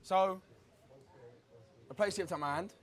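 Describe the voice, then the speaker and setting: A man's voice: sits high, unhurried. A man waiting tables on a cooking show, brash and joking. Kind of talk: lively reality-show banter. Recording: busy restaurant crowd.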